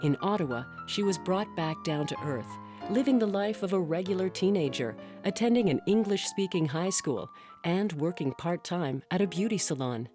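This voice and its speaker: Woman narrating a documentary, lowish voice, steady pace, music playing under her. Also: moderate pace.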